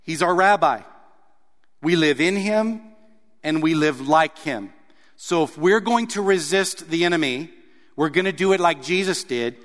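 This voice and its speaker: A pastor preaches to his congregation, a man with a slightly high voice. He reads scripture aloud, then stresses its key words with animated emphasis. His voice carries a long reverb from the large sanctuary. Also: a little slow. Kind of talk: sermon.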